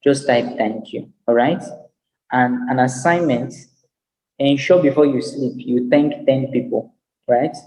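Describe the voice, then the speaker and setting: A man's voice: medium pitch, measured pace, dark tone. A man giving a motivational lecture as a business psychologist, emphatic and repetitive, with a preacher-like cadence. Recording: long hall reverb.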